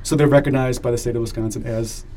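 A man's voice: mid-range voice, steady tone, fast talker, mellow, a little hiss or hum. A man hosting a podcast in casual chat, upbeat and leading the conversation. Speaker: podcast host.

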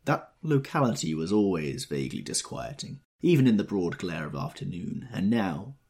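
A man reading an audiobook in scripted narration, expressive and measured. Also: sits low, slightly rough.

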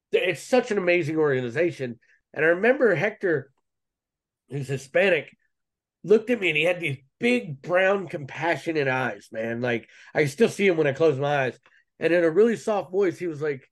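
A man's voice: fairly high pitch, animated, normal speed. A man guest in an interview, earnestly telling a personal story in casual, rambling speech full of fillers and restarts, saying "man" and "dude".

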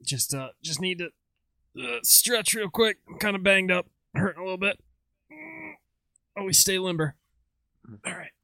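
A man's voice: high voice, animated, moderate pace, gravelly, long pauses, pushed and bright, dry recording. A man playing a tabletop game, laid-back and hesitant, swearing in casual chat. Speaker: player.

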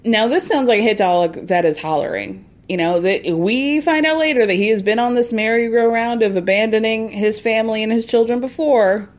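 Woman, recap host, casual and opinionated, quick sarcastic asides. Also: on the high side. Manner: acts out quotes in put-on voices.

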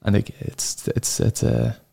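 Gravelly-voiced Irish man in his thirties. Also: medium pitch, little pitch movement, dark tone. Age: 30s. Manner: halting, sorrowful, swears freely. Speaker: podcast guest. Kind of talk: emotional personal storytelling.

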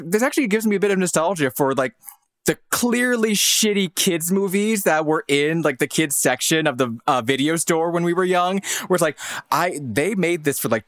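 A man's voice: on the high side, no room sound, clean studio sound. A young man co-hosting a news podcast, joking and riffing in casual banter. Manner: wry, animated, quick to laugh. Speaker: podcast co-host.

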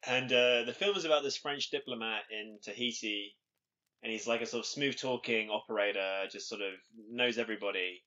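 A man's voice: medium pitch, brisk, bright, forceful tone, dull audio. A man chatting casually as a podcast co-host, rambling with lots of fillers and frequent laughter. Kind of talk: casual chat.

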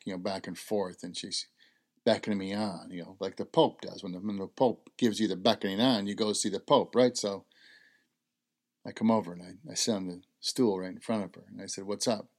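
A man hosting a health talk, telling a personal story in a conversational way and repeating key phrases for emphasis. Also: low voice. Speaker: host.

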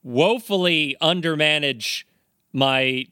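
A man's voice: on the high side, takes it slowly, pushed and bright, clear, resonant tone, dry recording, clean studio sound. A man co-hosting a casual podcast, teasing his friends with gleeful laughter. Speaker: podcast co-host.

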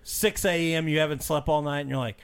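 A man's voice: on the high side, steady tone, a little fast, creaky, clear, resonant tone. A man guesting on a podcast in casual chat, telling a self-mocking story.

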